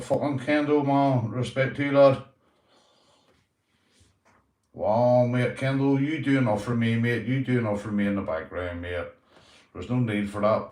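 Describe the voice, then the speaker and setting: A man with a Northern Irish accent chatting casually on a livestream, swearing freely and calling everyone mate. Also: medium pitch. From Northern Ireland. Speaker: YouTube livestreamer. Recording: roomy echoey room sound.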